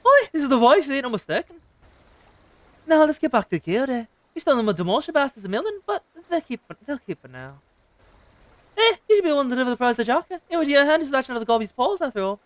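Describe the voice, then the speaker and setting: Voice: high-pitched, sing-song, fast, no room sound, voice pushed up. Streamer doing a sly Irish rogue guildmaster. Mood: scheming. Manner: chummy, calls people lass.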